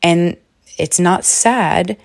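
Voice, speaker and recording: Earnest low-voiced woman with a gravelly edge. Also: very slow. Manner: earnest, encouraging, casually profane, many restarts. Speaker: podcast host. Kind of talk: casual motivational monologue.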